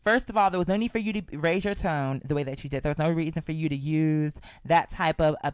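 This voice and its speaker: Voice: mid-range voice, quick pace, clear, resonant tone, no echo. A show host telling a story in a sassy, chatty monologue and calling the listener "girl".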